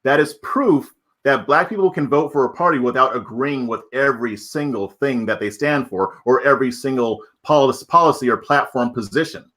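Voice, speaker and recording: Brief: man, mid-pitched, casual podcast co-host making an argument. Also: fairly quick, fairly bright tone. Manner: argumentative, making a case with rhetorical questions. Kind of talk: casual political chat.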